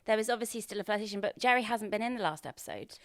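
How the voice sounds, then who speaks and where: A woman's voice: medium pitch, very fast. A woman co-hosting a podcast, chatting casually and rambling as she recaps a TV episode, often correcting herself. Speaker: podcast co-host.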